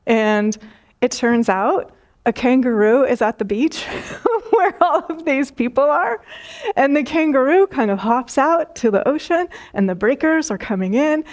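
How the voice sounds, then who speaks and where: A woman spiritual teacher giving a talk, telling stories gently with light laughs and repeated phrases. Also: high voice.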